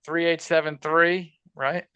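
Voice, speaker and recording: A man's voice: a little high, level tone, unhurried, sharp tone, clean tone, dry recording, lo-fi sound. A man hosting a casual sports betting podcast, bantering and joking crudely with his co-host.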